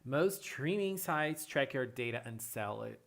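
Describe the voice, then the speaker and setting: Livestream host, casual chat with viewers, unhurried delivery, excitable, repeats phrases. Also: medium pitch, gravelly.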